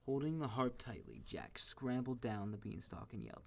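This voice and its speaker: A man reading a children's story aloud in a steady, expressive way. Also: mid-range voice, normal speed, gravelly.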